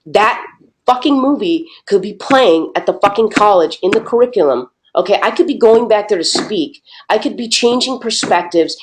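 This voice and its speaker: A young woman with a slightly low voice tells a story in a casual chat. She talks emphatically, swears freely and keeps dropping "dude" and "okay". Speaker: host.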